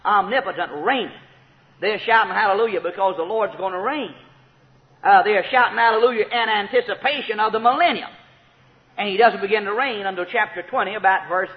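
A man preaching a sermon, emphatic and repetitive, rising to shouted praise. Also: sits high. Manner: emphatic, repeats key phrases, rises to shouts of praise. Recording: tinny phone-like sound with long hall reverb.

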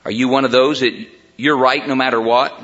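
A middle-aged man preaching a sermon to men, swinging between hushed and loud emphatic delivery and piling up repeated rhetorical questions. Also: medium pitch, fairly even intonation, brisk. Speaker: pastor. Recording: dull lo-fi recording.

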